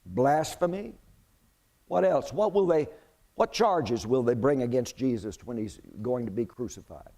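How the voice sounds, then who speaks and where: A male preacher delivering a sermon, retelling a Bible story in an animated way and putting questions to the congregation. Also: medium pitch, unhurried, vocal fry.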